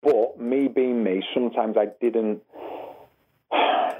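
He takes his time, his husky voice relaying dressing-room tales from his days as a footballer. As a guest on a podcast, he animatedly mimics the people he quotes with rising pitch, and the audio has a phone-line quality.

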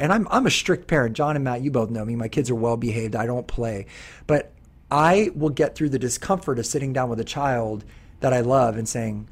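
Husky-voiced earnest male podcast host. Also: medium pitch, moderate pace. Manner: earnest, rambling, with many restarts. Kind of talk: casual podcast chat.

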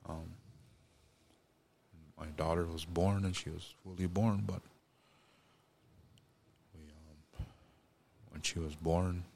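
Low male voice, halting storyteller with many restarts, faint background noise. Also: fairly even intonation, gravelly, a little mellow. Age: adult parent. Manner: speaks of God and blessing. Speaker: guest. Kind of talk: personal storytelling.

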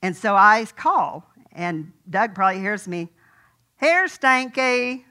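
A woman's voice: mid-range voice, a little slow, bright, forceful tone. An older woman preaching a sermon in a folksy, conversational way, telling a personal story.

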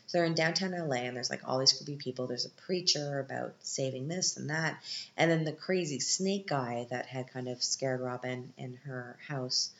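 Very low, gravelly woman chatting casually. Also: steady tone, normal speed, fairly bright tone. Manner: chatty, candid, sarcastic asides. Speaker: podcast host. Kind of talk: casual film recap chat. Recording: echoey, dull lo-fi room.

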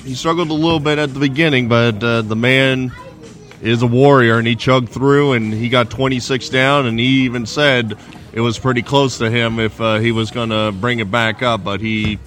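A man's voice: medium pitch, steady tone, normal speed, fairly bright tone. Easygoing male podcast co-host, joking, with faint bar music behind. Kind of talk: casual podcast chat. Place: bar at a resort, indoors.

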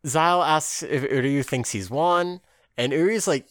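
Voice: medium pitch, a little slow, dry recording, clean studio sound. A podcast co-host in casual recap chat, laughing often, swearing freely and acting out the characters' lines.

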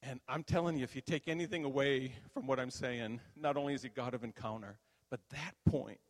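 A man's voice: mid-range voice, a little fast, few pauses. Older man preaching in a reverberant hall. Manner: animated, playful storytelling. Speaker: pastor. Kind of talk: sermon storytelling.

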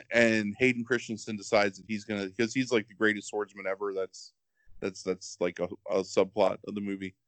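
A man co-hosting a podcast in casual chat, rambling and animated, filling with "like". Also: on the low side, normal speed, no room sound.

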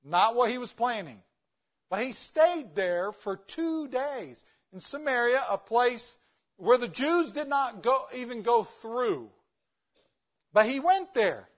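A man's voice: very high-pitched, lively intonation, slow pace, muffled recording. A man, a guest missionary preacher, giving an emphatic sermon full of rhetorical questions. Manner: emphatic, rhetorical questions, varies loudness for stress. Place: church.

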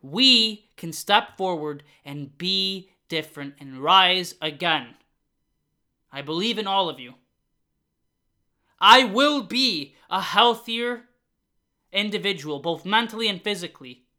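A man with a high, bright voice hosts a motivational podcast. He talks earnestly and builds himself up with repeated phrases. At times he turns loud and fired up. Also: animated, takes it slowly. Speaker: podcast host.

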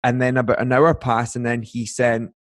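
His delivery is completely flat, with a medium pitch and a moderate pace, as this young guest relates a long personal story in a casual conversation. He's still chatty, packing in fillers and acting out the quotes.

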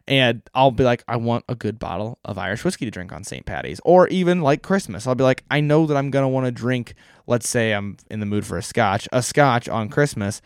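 A man's voice: on the low side, clean tone, no echo, studio quality. A man hosting a solo podcast, talking casually with small self-corrections and light jokes. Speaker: podcast host.

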